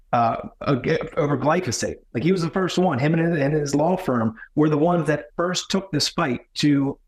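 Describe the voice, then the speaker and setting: A man talking as a podcast guest, earnest and halting, often restarting his sentences. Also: fairly high pitch. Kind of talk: conversational podcast talk.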